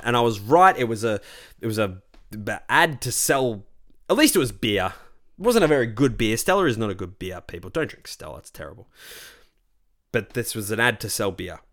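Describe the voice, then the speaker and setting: A male podcast host delivers a solo monologue in a lively, swooping voice. His pitch rises and falls freely as he rants to his listeners. He calls them ladies and gentlemen and keeps a chatty, opinionated flow. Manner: animated, ranting, addresses listeners as ladies and gentlemen.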